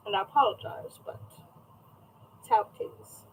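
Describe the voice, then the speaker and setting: A woman's voice: fairly high pitch, big pitch swings, moderate pace, breathy edge, lo-fi sound. Chatty woman rambling on a home livestream. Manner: chatty and rambling, greets chat viewers by name. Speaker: craft shop owner streaming live. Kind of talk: casual livestream chat. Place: at home, indoors. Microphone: camera set up at a desk.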